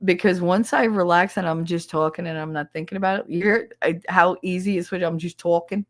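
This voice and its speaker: A woman's voice: fairly low pitch, fairly even intonation, brisk. A middle-aged woman with a thick regional American accent, chatting bluntly and confidingly on a casual livestream, swearing freely. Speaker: streamer.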